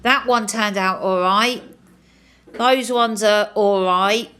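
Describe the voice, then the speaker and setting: A woman's voice: medium pitch, fairly even intonation, slow pace, a bit bright, clean tone. A woman chatting upbeat to camera in a casual vlog. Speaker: vlogger.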